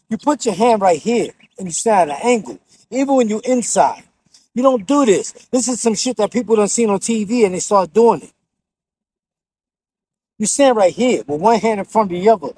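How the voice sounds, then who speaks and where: A man's voice: sits high, darkish tone, husky, no room sound, poor audio. A man with a New York accent giving casual, blunt and profane boxing tips while he demonstrates the moves. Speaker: boxing instructor.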